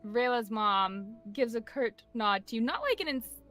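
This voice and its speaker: A woman's voice: fairly high pitch, expressive, unhurried, a bit bright, soft background music. A woman narrating as game master of a tabletop game, chatty and giggly with many fillers.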